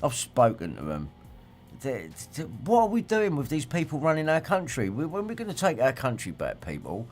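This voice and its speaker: A man's voice: mid-range voice, huge pitch swings, fairly quick, a little mellow, soft background music. Swearing ranting man. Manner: swearing, rambling, indignant, reacts to viewer comments. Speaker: livestream host. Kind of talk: ranting livestream monologue.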